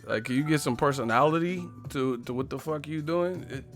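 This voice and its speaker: A man's voice: a little high, a little fast, hardly any pauses, soft background music. A man hosting a boxing live stream, ranting casually and profanely, joking and mocking stiff interviewers with put-on voices. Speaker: boxing channel host.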